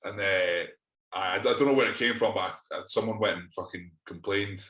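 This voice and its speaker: Scottish man, low voice, casual sweary banter, echoey room. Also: normal speed, a bit bright. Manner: sweary, laughing storyteller. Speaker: podcast co-host. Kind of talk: casual chat.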